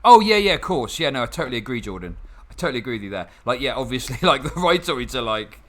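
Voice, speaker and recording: A man's voice: mid-range voice, sing-song, fast, a bit bright. A young man chatting casually and sarcastically while playing a game, swearing often and rambling with restarts. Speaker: gaming channel host.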